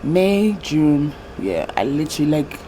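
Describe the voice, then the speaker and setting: A woman's voice: low voice, very animated, unhurried, mellow, poor audio. Young woman, candid confessional vlogger, tearful, faint noise behind her. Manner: candid, rambling, heartfelt. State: tearful, trying not to cry. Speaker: YouTube vlogger. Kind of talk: personal confessional vlog.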